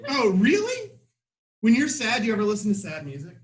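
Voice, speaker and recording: A man teaching a literature class in a classroom, lively and full of rhetorical questions, often asking "right?". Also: high voice, very fast, low-quality recording. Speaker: high school literature teacher.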